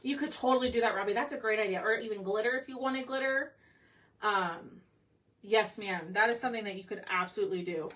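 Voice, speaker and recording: A woman's voice: medium pitch, a little fast, a bit bright, recorded from a distance. Chatty woman crafting live. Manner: chatty, talks to viewers by name. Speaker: craft livestream host. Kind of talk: casual live craft chat. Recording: faint room noise, somewhat off-mic.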